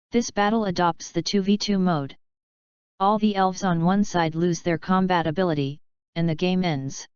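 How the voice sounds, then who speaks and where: A woman narrating a fanfiction audiobook in an even, matter-of-fact reading. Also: fairly low pitch, clean tone, no room sound. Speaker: audiobook reader. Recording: dull lo-fi dry recording.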